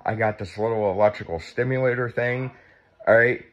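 Low-voiced blunt man on a dull recording. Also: brisk. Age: 50s. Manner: blunt, chatty, swears freely. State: sore and tight after surgery. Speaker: vlogger. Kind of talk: casual vlog talk. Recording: dull lo-fi sound.

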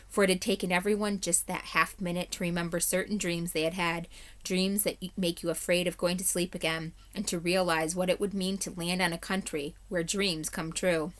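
A woman, a third-grade teacher, reading a chapter book aloud in a steady, measured way. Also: fairly low pitch.

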